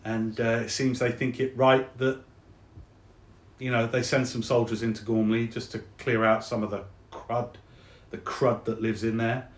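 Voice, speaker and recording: Man doing a soft-spoken South London soldier. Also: medium pitch, little pitch movement, moderate pace, roomy sound, lightly acted. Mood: earnest. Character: soldier friend, man, gruff and warm-hearted.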